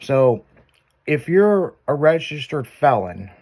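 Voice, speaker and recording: A man's voice: a little high, very animated, takes it slowly, a little mellow. A man hosting a chat show, telling crude stories and laughing as he goes. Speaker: show host. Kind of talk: casual profane chat show banter.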